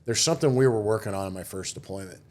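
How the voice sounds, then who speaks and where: A man's voice: lowish voice, rapid-fire, a little mellow. Middle-aged man telling war stories. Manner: rambling anecdotes with quoted voices. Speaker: guest, retired Marine officer. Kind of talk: casual storytelling interview.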